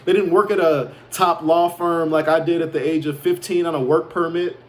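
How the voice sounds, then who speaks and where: A man's voice: a little high, fairly even intonation, normal speed. A man from Chicago boasting and ranting in a rambling casual monologue, swearing freely. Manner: boastful, profane, defiant. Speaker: self-proclaimed prophet vlogger.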